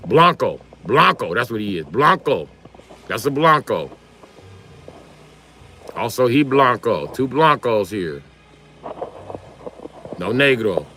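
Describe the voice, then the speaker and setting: Streamer man, lively profane rant, bright cutting tone, comic commentary. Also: medium pitch, slow pace, long pauses, a little hiss or hum. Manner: loud, profane, animated ranting. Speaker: live streamer commenting on a video.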